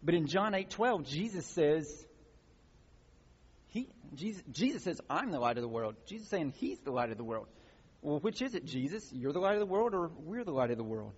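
A man with a fairly high, husky voice preaches a teaching sermon. He explains the passage plainly, then pushes into emphatic calls to action. The sound is muffled and rings with the long reverb of a large hall. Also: very animated, moderate pace. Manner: teaching, builds to emphatic exhortations. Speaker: pastor.

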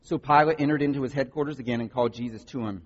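Un pasteur à la voix éraillée lit les Écritures d'un ton dramatique, entrecoupé de remarques franches. Le son est terne et résonne longuement dans une grande salle. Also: male voice, medium pitch, racing, slightly rough. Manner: reads with dramatic voices, blunt asides. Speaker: pastor. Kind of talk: sermon reading scripture. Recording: dull recording in large echoing hall.

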